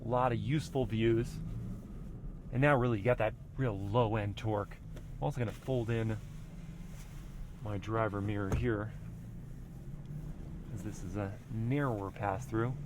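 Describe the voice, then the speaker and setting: A man reviewing a pickup truck, casually explaining what he does as he drives it slowly along an off-road trail. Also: fairly low pitch. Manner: relaxed, explanatory, thinking aloud. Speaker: car reviewer. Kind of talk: casual driving commentary. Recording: vehicle noise clearly heard. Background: engine and trail noise.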